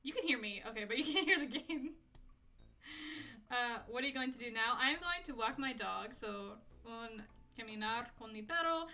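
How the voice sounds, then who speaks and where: A young woman with a higher, animated voice streams a game at normal speed, her tone pushed and bright. She chats casually and rambles to her viewers while fiddling with settings, giggly and talking to herself.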